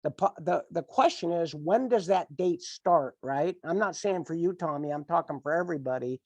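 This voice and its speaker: A man's voice: on the high side, animated, moderate pace, a little mellow, dry recording, highs cut off. A middle-aged man giving an emphatic, repetitive, fired-up motivational coaching talk to his team on a call. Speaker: team leader.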